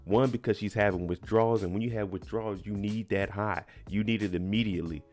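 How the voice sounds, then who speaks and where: Low-voiced man recapping a TV episode. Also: fairly even intonation, fairly quick, a little mellow, soft background music. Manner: chatty, emphatic retelling with slang and little laughs. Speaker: TV recap host.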